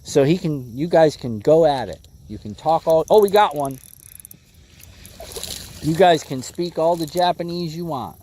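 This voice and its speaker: A man's voice: a little high, unhurried, dark tone, slight background noise. A man hosting a casual fishing livestream from a boat, laid-back and calling viewers "bro" and "bud.". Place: outdoors on a boat on a lake.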